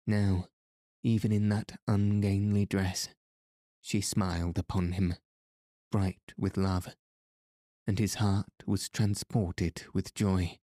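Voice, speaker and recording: A male audiobook narrator telling an old tale in a measured, steady way. His voice is deep with very little melody, and the pace is unhurried. It is recorded close and dry. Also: no room sound. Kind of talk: scripted narration.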